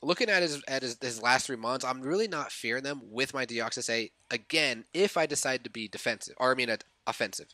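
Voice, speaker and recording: A young man giving casual commentary over his own game, excitably reliving his reactions and thinking aloud as he corrects himself. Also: mid-range voice, brisk, few pauses, dry recording. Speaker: gaming YouTuber.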